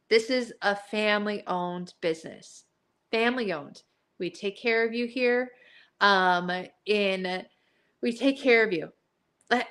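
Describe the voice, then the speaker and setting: A woman's voice: mid-range voice, sharp tone. A woman hosting a casual live stream, talking in a heartfelt, rambling way with many fillers and sounding a little teary.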